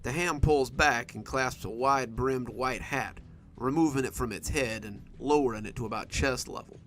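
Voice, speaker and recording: Bright-voiced man narrating horror. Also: medium pitch, normal speed, soft background music. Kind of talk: scripted first-person horror narration.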